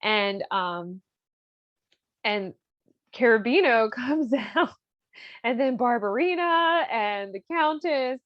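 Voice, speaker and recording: A woman hosting a podcast, casually retelling an opera plot in a rambling way, full of fillers and quick laughs. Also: on the high side, lively intonation, no room sound, dull audio. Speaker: podcast host.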